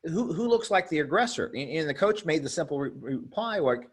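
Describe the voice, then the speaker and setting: A man's voice: a little high, animated, fast talker, slightly rough. A man, president of an officials association, talking in a rambling, casual way with many repeated words and restarts. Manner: rambling, repeats words, acts out coaches' retorts. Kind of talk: casual discussion.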